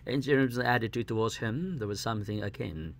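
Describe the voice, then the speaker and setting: Gravelly, halting male reader. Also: lowish voice, slight background noise. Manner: halting, stumbles over words. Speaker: audiobook reader. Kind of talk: reading a classic novel aloud.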